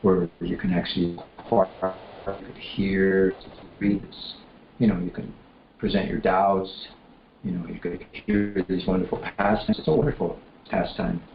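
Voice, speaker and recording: At a temple class, a man tells devotional stories in a loose, rambling style packed with fillers and restarts. His low, creaky voice is a bit slow yet lively in intonation, captured with roomy echo, dull lo-fi quality and faint room noise.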